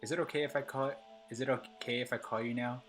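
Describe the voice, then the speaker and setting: A man voicing a clingy, obsessive schoolgirl stalker as he reads her text messages aloud in a plain, even voice. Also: medium pitch, quick pace, faint music behind, lightly acted.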